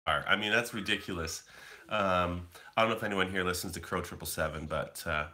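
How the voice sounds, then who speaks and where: A man's voice: deep voice, brisk, pushed and bright. A man in his thirties from Canada, rambling casually to his livestream viewers and answering the chat. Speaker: livestream host.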